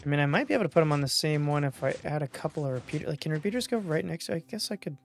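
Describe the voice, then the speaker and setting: A man hosting a gaming video, thinking aloud in casual commentary, self-mocking and quick to get excited. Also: fairly high pitch, creaky, faint music behind. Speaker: gaming channel host.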